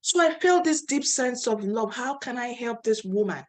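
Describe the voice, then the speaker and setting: A woman's voice: fairly high pitch, animated, moderate pace. A woman from Nigeria, a nonprofit founder, telling her story as a guest speaker over a video call, earnest and passionate. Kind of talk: interview storytelling.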